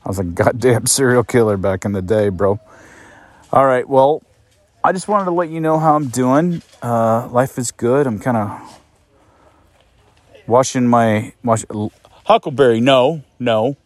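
A man's voice: medium pitch, measured pace, long pauses, dry recording. A man hosting a casual podcast from a campsite, rambling and joking about life on the road. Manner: joking, self-mocking, scolds his dog. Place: outdoors at a campsite in a state park.

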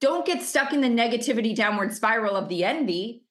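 A woman's voice: on the high side, animated, fairly quick. A middle-aged woman coach giving an emphatic motivational masterclass over a video call, stacking up rhetorical questions. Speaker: business coach.

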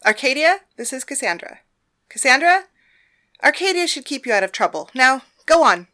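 A woman's voice: high voice, very animated, moderate pace, bright, forceful tone, voice pushed up, full character voice. Woman playing a brusque brothel worker. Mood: bossy.

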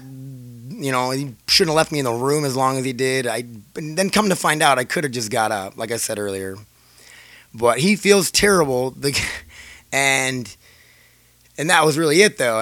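Man, casual storytelling to viewers, profane, laughs a lot, bright tone, dry close sound. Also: mid-range voice, no echo. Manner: rambling, profane, laughs often. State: scratchy throat.

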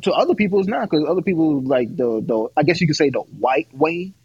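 A man's voice: on the high side, lively intonation, brisk, darkish tone, slightly rough, no echo, dull audio. A young man in a casual group chat, hesitant and restarting as he searches for words.

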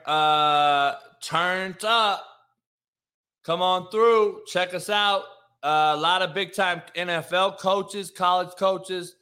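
A man hosts his own live stream in a fairly high, bright voice. He rambles casually between fillers and turns into profane, confrontational rants at commenters. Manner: profane, confrontational ranting at chat. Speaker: live show host.

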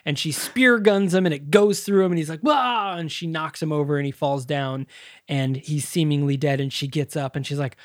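A woman's voice: deep voice, a little fast, dry recording, clean studio sound. A woman co-hosting a podcast, retelling a movie scene by scene in casual, swear-laden chat. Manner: animated, swearing, acting out scenes with laughs. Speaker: podcast co-host.

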